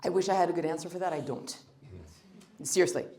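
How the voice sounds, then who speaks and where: A woman's voice: fairly low pitch, quick pace, mellow. A woman giving a live workshop talk, blunt and emphatic with wry humor. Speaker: workshop speaker. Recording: roomy hall.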